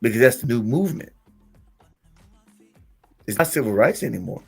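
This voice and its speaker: A man hosting a casual talk, telling stories with lively acted-out quotes and laughing at his own jokes. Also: mid-range voice, normal speed, vocal fry, slightly rough, soft background music. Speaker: podcast host. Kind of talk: casual conversational commentary.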